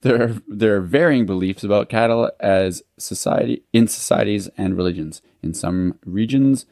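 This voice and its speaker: A man's voice: lowish voice, moderate pace, gravelly, darkish tone, no room sound, clean studio sound. A young man co-hosting a casual podcast, laughing often and swearing freely. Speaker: podcast co-host.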